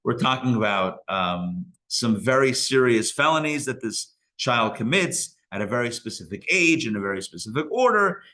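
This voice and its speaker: A man's voice: mid-range voice, big pitch swings, normal speed, hardly any pauses, bright, forceful tone. A man teaching a live Torah class as a rabbi, casual and joking with frequent digressions. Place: synagogue learning center.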